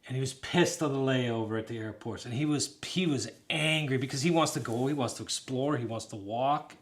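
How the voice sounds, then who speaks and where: A man's voice: mid-range voice, fairly quick. A man in his thirties chatting casually while building, rambling and laughing as he talks straight to his viewers. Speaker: hobbyist builder talking to stream chat. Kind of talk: casual live build chat.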